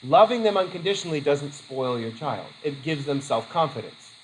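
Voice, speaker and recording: Male teacher lecturing a class; chatty, animated, fairly high pitch, slight room hiss. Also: moderate pace, rough recording. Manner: lively, acts out quoted voices, laughs easily.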